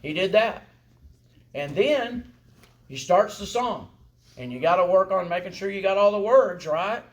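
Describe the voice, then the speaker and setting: A man's voice: sits high, measured pace, lo-fi sound. A man teaching a song-leading class in a folksy, encouraging way, often checking in with "right?" and "okay?". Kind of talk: congregational singing lesson.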